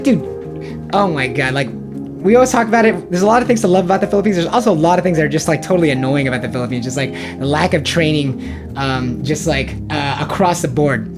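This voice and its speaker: A man's voice: on the high side, expressive, fast talker, over music. Rambling casual male vlogger. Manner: rambling, filler-heavy storytelling with lots of "like" and "dude"; ranting and exasperated. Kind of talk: casual travel recap to camera.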